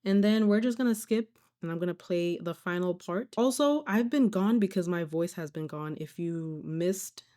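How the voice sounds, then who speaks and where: A woman's voice: mid-range voice, lively intonation, normal speed, hardly any pauses, warm tone. A woman hosting a reaction commentary video, summarizing a clip for viewers in a wry, direct way. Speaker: YouTube commentary host.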